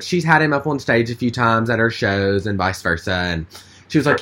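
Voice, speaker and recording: Casting: male co-host, slightly low voice, rambling and chatty storyteller. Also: brisk, sharp tone. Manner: rambling, chatty, with many fillers. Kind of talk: casual storytelling chat.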